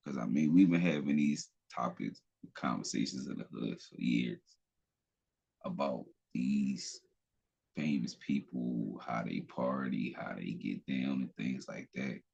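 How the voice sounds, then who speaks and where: A man with a very deep, husky voice talks bluntly and profanely in a loose podcast rant. He rambles and restarts his thoughts as he goes. The audio sounds dull and lo-fi. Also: a little slow, darkish tone. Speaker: podcast host. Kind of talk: casual opinion talk.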